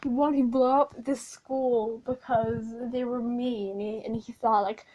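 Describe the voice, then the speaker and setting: A woman with a high voice recaps a story in a loose, rambling way, swearing now and then and leaning on fillers. She talks slowly and informally as commentary over a speedpaint. Her delivery is unpolished and chatty. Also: steady tone, warm tone, dull audio. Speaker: video creator.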